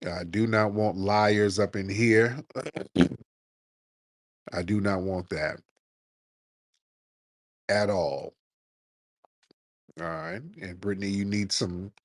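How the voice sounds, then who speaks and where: A man with a fairly low voice hosts a call-in show, blunt and mocking as he brushes off callers. The sound is dry and close. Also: takes it slowly, long pauses, no room sound. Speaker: host. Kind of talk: call-in livestream hosting.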